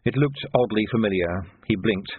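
A man narrating a novel in an expressive, lively storytelling manner. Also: lowish voice, moderate pace, husky, no room sound. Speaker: audiobook narrator. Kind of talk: scripted narration. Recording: dry, tinny phone-like sound.

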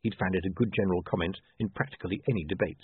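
A man narrating a story as an expressive reader, with dry wit. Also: sits low, racing, slightly rough, no room sound. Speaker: audiobook narrator. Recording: dry, tinny phone-like line.

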